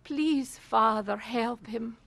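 A woman's voice: a little high, slow pace, creaky, noisy background. A woman playing an elderly woman in her seventies who nurses a sick man and prays over him earnestly, in a radio drama. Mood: praying. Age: 70s. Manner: earnest, pleading prayer. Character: kindly elderly woman nursing and praying.

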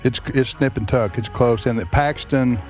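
Halting man in a talk radio chat. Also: mid-range voice, darkish tone, soft background music. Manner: halting, many restarts and fillers. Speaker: radio talk show host. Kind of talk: casual political chat.

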